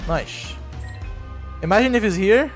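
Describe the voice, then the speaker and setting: Guy streaming a game, kinda high voice, rambles and laughs a lot, blurts out loud bits, faint music under it. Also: expressive, unhurried. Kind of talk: casual gameplay livestream chat.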